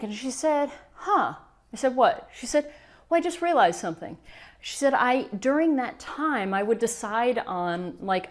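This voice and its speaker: A middle-aged woman coach telling a client story to camera, acting out the quoted dialogue with lively energy. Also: medium pitch. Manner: animated, acts out quoted dialogue. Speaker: law of attraction coach.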